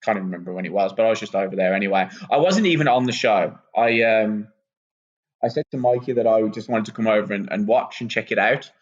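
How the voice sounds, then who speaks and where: A man's voice: on the low side, fast. Englishman rambling through a lo-fi chat. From England. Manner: relaxed, rambling, many ums and restarts. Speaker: wrestler, guest. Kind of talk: casual podcast interview. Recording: muffled lo-fi sound.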